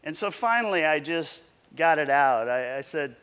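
A man's voice: a little high, expressive, moderate pace, few pauses, a bit bright, clean tone. A pastor in his fifties telling a story in a conversational, reflective sermon. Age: 50s. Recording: long echoing reverb.

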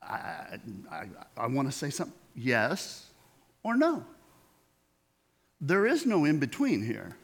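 Male pastor, sermon, animated pitch, unhurried delivery, slightly high voice. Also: creaky. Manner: conversational preaching, acting out quoted dialogue.

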